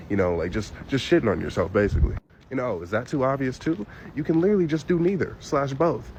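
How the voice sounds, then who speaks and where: A man's voice: mid-range voice, fast, darkish tone, roomy sound, slight background noise. A young man talking in a blunt, slangy, matter-of-fact way. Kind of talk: casual monologue on dating tactics.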